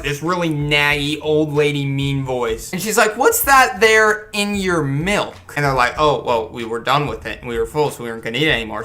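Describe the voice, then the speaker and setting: A young man telling a school story to his viewers in a chatty, animated way. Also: on the high side. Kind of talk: casual storytime vlog.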